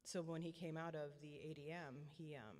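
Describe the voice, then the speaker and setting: A middle-aged woman giving a personal testimony as a parent, earnest and repetitive, often halting and restarting her sentences. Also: deep voice, darkish tone. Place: church hall. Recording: long church hall reverb.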